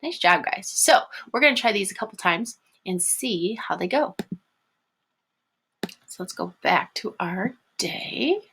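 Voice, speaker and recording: A woman teaching a phonics lesson to young children online, patient and encouraging, sounding words out slowly. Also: mid-range voice, animated, gravelly, a bit bright, a little hiss or hum.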